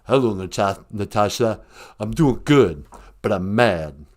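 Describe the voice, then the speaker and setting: A man's voice: on the low side, expressive, a little slow, voice pushed down. A man voicing a famous first lady in a comic impression, sassy and blustering, threatening to fight her critics. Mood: indignant.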